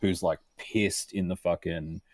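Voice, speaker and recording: A man's voice: low-pitched, unhurried, no echo. An Australian man chatting casually as a podcast guest, swearing constantly and rambling through his stories. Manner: profane, rambling, acts out quotes in animated voices. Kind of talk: casual chat.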